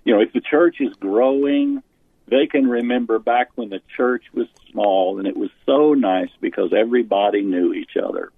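A man's voice: medium pitch, lively intonation, normal speed, gravelly, breathy edge, no echo. A man being interviewed as an author, earnestly explaining his points with frequent restarts. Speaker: author and pastor guest. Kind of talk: interview about church leadership. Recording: phone-line sound.

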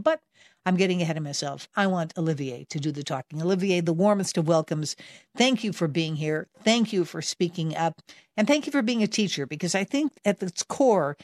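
A woman's voice: fairly low pitch, no room sound, clean studio sound. Emphatic woman hosting Christian talk radio. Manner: emphatic, conversational, building to pointed questions. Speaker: radio talk show host.

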